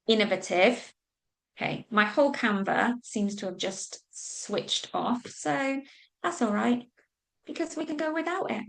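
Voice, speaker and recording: On the high side and a bit bright, with vocal fry, this Welsh woman's voice guides a live online business training as its coach. She speaks informally, dropping "like" and "okay" often and cursing mildly whenever she's flustered.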